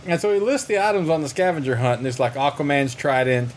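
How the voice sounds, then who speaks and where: A man with a fairly high voice retells a comic book story in loose, casual podcast chat. He talks in an animated way and slips into little character voices as he goes. A faint hum sits under the recording. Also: fast talker. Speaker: podcast co-host.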